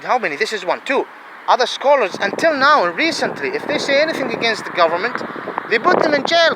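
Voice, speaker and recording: A man's voice: sits high, background noise. A man, giving an angry, profane monologue full of repeated, emphatic questions. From Saudi Arabia.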